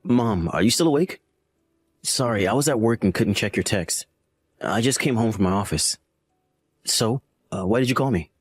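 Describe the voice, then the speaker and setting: A man's voice: on the low side, animated, normal speed, slightly rough, dry recording. A man voicing an evasive son and father in an acted story, defensive and dismissive. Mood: casual. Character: lying evasive adult son, young father. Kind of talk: scripted story acting.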